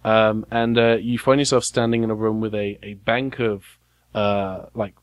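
A man serving as game master, narrating a tabletop game with halting, filler-heavy speech. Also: on the low side, little pitch movement, no room sound.

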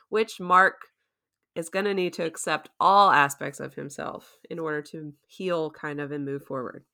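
A woman's voice: fairly low pitch, sharp tone. A woman recapping a show in casual chat, chatty and playful, laughing often. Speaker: co-host.

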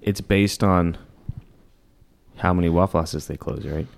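Laid-back low-voiced man. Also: steady tone, measured pace, gravelly. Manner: dry, laid-back, chuckling. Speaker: podcast co-host. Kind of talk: casual chat.

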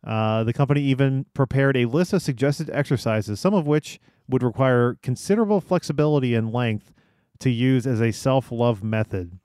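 A man's voice: mid-range voice, normal speed, a little mellow, no echo, studio quality. A man hosting a casual podcast chat, reading out article details with joking asides. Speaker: podcast host reading news.

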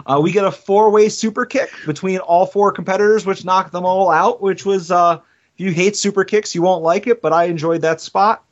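A man co-hosting a podcast, enthusiastically recapping matches and thinking out loud in casual chat with some swearing. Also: sits high, steady tone, normal speed. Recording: muffled lo-fi sound.

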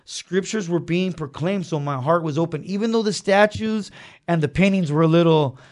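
A man's voice: a little high, moderate pace, a little mellow. A man telling his personal testimony as an interview guest in a small studio, in an earnest, slangy, casual way. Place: small studio beside a chapel.

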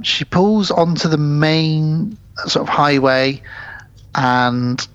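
Calm man recapping a film. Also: mid-range voice, dry recording, muffled recording. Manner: calm plot recapping, measured. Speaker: podcast co-host. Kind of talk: casual film discussion.

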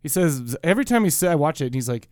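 Lively, joking male podcast co-host. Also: a little high, racing, no room sound, studio quality. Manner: jokey, animated, does silly voices. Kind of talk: casual chat.

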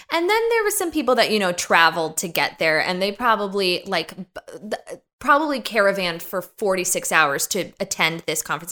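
A woman in casual podcast chat, telling animated, profane stories with big swings in pitch. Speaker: podcast guest, commentator on influencers.

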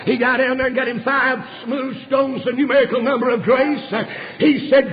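A preacher delivers a fervent storytelling sermon, dropping "uh" between his phrases. His man's voice sits very high and sounds rough and raspy. It comes through a muffled, dull recording with a long hall reverb. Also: fairly even intonation, a little fast. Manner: impassioned storytelling preaching with frequent "uh" fillers.

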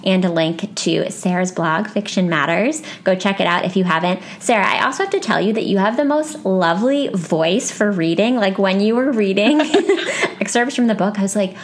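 A woman's voice: mid-range voice, normal speed. A woman hosting a book podcast, chatting with enthusiasm about books and reading. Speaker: podcast host. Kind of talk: casual book chat.

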